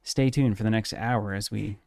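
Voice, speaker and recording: A man voicing a calm male public radio announcer, in a slow, measured parody delivery on a studio broadcast mic. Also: fairly low pitch, creaky, dry recording. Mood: mock-solemn. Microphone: studio broadcast microphone.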